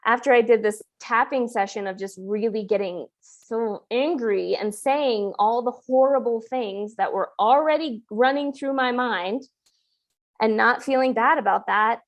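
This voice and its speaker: A woman's voice: a little high, highs cut off. A woman hosting a podcast, talking in an earnest, coaching way with many restarts. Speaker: podcast host. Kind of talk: casual podcast conversation.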